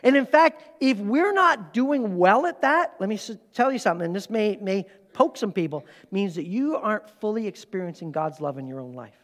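A man's voice: high voice, animated, moderate pace, hardly any pauses. A middle-aged man preaching a sermon in a plain, conversational way, pressing hard on key words. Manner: emphatic, conversational, rising to strong stress. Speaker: pastor. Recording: long reverb of a large hall.

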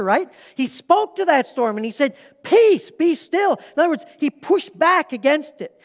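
A man pastor preaching a sermon, emphatic, swinging between loud urgent lines and hushed asides. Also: very high-pitched. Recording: hall reverb.

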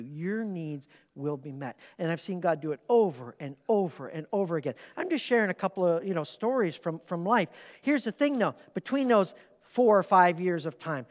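During a church service, a high-voiced pastor shares personal stories from the pulpit as part of his sermon, the sound reverberating at length around the big sanctuary. His style is lively and conversational, with quick asides and questions put to the congregation.

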